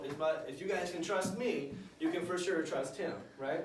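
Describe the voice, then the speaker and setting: A man teaching children a Bible lesson, acting out the characters with bursts of loud shouting. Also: on the high side, normal speed, music in the background. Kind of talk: animated Bible story lesson for kids. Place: church classroom with children. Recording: echoey room, distant mic, noisy.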